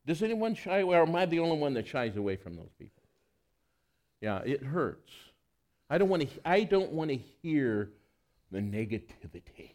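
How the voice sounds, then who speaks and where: A man preaching a sermon in an animated way, acting out the voices in the story he tells. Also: fairly high pitch, normal speed. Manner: animated, acts out quoted voices.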